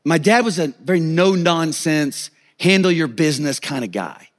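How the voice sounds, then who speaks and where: A man preaching a sermon as a pastor, telling a personal story in an animated, humorous way. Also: a little high, normal speed.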